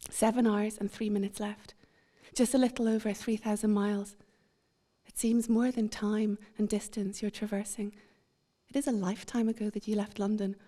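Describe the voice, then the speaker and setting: A woman giving a measured, introspective literary reading at a seminar. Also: fairly high pitch, warm tone. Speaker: author reading.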